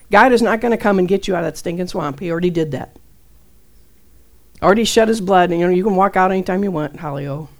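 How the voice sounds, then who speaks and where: A middle-aged woman preaching a fervent, folksy sermon that swings between loud declarations and hushed asides. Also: lowish voice.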